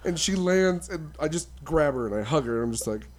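A man's voice: a little high, expressive, fairly quick. A man chatting casually with a friend, telling a funny story and laughing through it. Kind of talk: casual chat.

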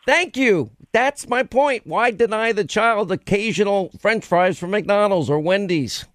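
A man hosts a talk radio call-in show from a dry, close studio mic. His voice sits slightly high. He rants in an animated, exasperated way and talks over callers. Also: measured pace, dry recording.

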